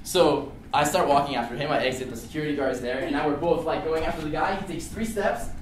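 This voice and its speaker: Animated young guy telling a story, kinda high voice, recorded far off in a room. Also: fast talker, a little hiss or hum. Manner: animated, acts out the chase with shouted lines. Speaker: student speaker. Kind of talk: storytelling talk. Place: lecture room. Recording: echoey room, distant mic.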